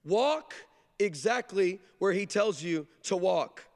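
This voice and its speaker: High-voiced man preaching in a hall. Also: moderate pace. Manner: energetic, emphatic storytelling preacher. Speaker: pastor. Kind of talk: sermon. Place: large church.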